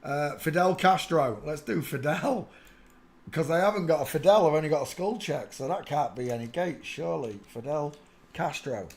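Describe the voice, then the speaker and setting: A man hosting a live stream, giving casual, mocking running commentary on pictures and greeting viewers by name. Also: normal speed. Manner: excitable, breaks into loud high laughter. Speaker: livestream host.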